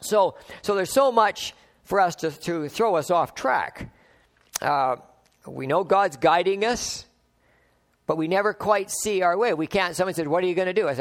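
Male pastor, higher pitched voice, relaxed chatty sermon delivery with acted-out exchanges. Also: normal speed. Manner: conversational, acts out dialogue, chuckles often.

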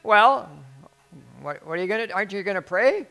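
A man voicing a loud, complaining older woman who demands prayer. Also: expressive, brisk, rough recording. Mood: indignant. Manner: loud, complaining, high-pitched.

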